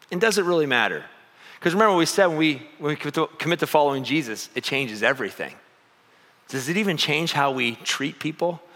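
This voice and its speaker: A middle-aged male pastor preaching a sermon, telling personal stories with animated, self-deprecating humor and acting out voices. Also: medium pitch, long reverb tail.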